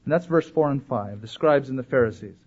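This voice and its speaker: A man preaching a sermon in an animated way, acting out voices when he quotes people. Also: medium pitch, fairly quick, husky. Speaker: pastor. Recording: dull lo-fi recording.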